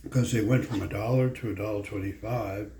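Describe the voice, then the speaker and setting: A man's voice: fairly low pitch, steady tone, fairly quick, mellow, a little hiss or hum. A man chatting casually at home in a vlog, wandering from story to story in a folksy, meandering way. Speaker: vlogger. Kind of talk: casual rambling chat. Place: home room. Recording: echoey room, faint ambience.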